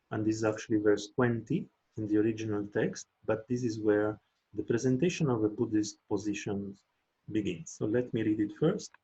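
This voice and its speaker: A man lecturing on Buddhist philosophy, explaining slowly and carefully and chanting verse in a raised voice. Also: on the low side, dark tone, husky, lo-fi sound. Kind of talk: academic lecture.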